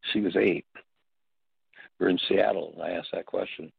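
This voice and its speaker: Deep, gravelly older man teaching. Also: steady tone, no echo. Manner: reflective, halting storytelling. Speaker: workshop leader and teacher. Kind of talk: spoken teaching talk with stories. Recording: dull, dry lo-fi audio.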